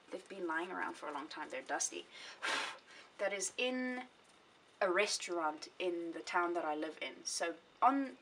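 Her voice is lowish and expressive here, a little slow, as she casually rambles about her books and fixes her own sentences partway through. The mic catches her from a slight distance, along with a faint hiss.

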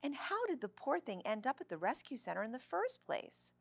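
A woman voicing a loud, cheery older woman who works as a lunch lady and chatters on in a bubbly way. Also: high voice, sing-song, brisk, vocal fry, pitched above the performer's own voice, exaggerated voice.

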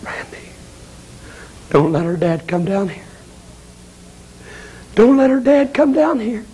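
A man voicing a desperate man burning in hell, crying and shouting pleas for help. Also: sits high, expressive, slow, a little hiss or hum. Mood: desperate pleading.

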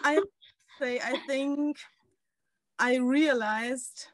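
A woman's voice: high voice, takes it slowly, dry recording. A woman guest on a podcast, speaking thoughtfully and searching for her words. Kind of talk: casual chat.

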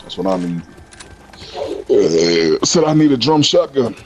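A man's voice: lowish voice, big pitch swings, unhurried. A man teasing his friend in casual banter while playing a video game. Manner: teasing, playful trash talk. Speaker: gamer streaming with a friend. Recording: voice chat over game audio with clear noise.

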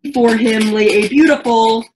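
A woman's voice: on the high side, moderate pace, darkish tone, slight background noise, low-quality recording. A woman reading the narration of an amateur virtual stage play in a melodramatic way, often stumbling and restarting lines.

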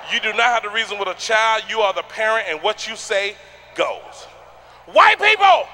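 A man doing a stand-up comedy routine on a theater stage, loud and rowdy, shouting punchlines at the crowd. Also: sits high, a little hiss or hum.

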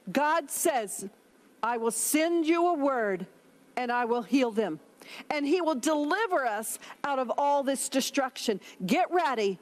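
A woman pastor preaching a sermon, emphatic, reading scripture aloud between her own words. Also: high voice.

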